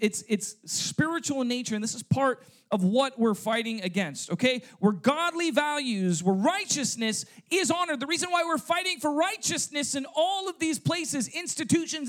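During a church service, a man preaches in an extremely high, slightly bright voice. His sermon is full of rhetorical questions for the congregation, with "okay?" and "right?" marking his points.

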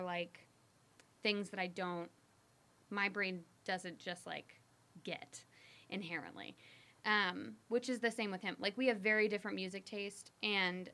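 A young woman guest chatting casually, her voice bright at the top with a fry underneath. She talks easily and at length, a trained singer relaxing into everyday speech. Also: mid-range voice. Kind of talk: casual chat.

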